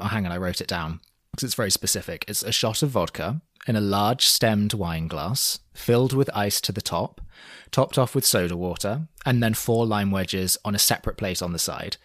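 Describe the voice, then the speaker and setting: A man's voice: lowish voice, moderate pace, a bit bright, no room sound, clean studio sound. A young man co-hosting a podcast in casual chat, camp and teasing, giggling often. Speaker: podcast co-host.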